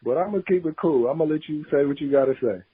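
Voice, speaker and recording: A man's voice: a little high, very fast. A man chatting on a casual podcast in a slangy way, calling people bro and bruh, heard over a tinny line.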